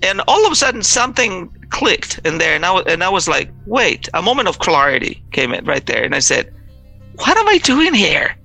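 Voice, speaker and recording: A man telling his own story in a halting, conversational way, acting out what others said. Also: fairly high pitch, expressive, gravelly, bright, forceful tone, faint music behind. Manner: halting, restarts, acts out quoted voices. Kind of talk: personal testimony, casual storytelling.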